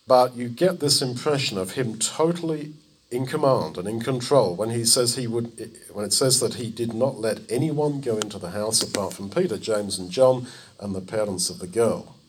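A man's voice: mid-range voice, a little hiss or hum. A man preaching a sermon, telling the story vividly and acting out the people's words. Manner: animated storytelling, acting out dialogue in quick voices.

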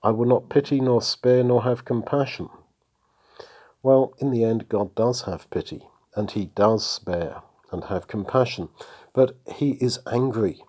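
Soft-spoken man reading scripture. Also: mid-range voice, fairly even intonation, a little slow. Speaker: preacher. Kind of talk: Bible reading and sermon commentary.

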